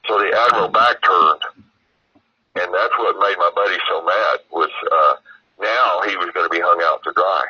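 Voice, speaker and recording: Man, very low voice, husky, dry muffled lo-fi audio, rambling storyteller. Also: normal speed, no room sound. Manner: meandering, heavy on fillers and "you know". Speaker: guest telling a story.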